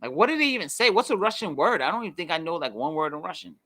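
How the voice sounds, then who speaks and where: A man talks in loose, animated podcast banter, his voice bright and forceful. He sits slightly high for a man and swears freely as he riffs. The sound is close and dry, with no room around it. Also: rapid-fire, dry recording. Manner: animated, swears freely, puts on mock accents for jokes. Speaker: podcast co-host. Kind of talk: casual chat.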